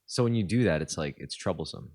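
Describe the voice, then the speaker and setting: A man's voice: low voice, lively intonation, fast, darkish tone. A man co-hosting a podcast, chatting casually and joking around, playing with foreign words. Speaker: podcast co-host. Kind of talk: casual chat.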